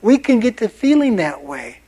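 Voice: medium pitch, very animated, moderate pace, dark tone, breathy edge, rough recording. An emphatic preacher walks through scripture in a sermon. The delivery keeps circling back to repeat key phrases for weight. Quoted words get a touch of dramatic voicing.

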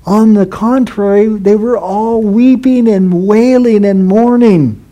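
A man preaching a sermon, earnest and measured, often repeating his phrases for emphasis. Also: high voice, mellow, low-quality recording. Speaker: pastor.

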